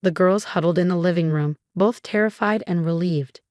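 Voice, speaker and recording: Woman narrator for dramatic story reads; lowish voice, dry close sound. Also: moderate pace, darkish tone, no room sound. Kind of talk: scripted narration.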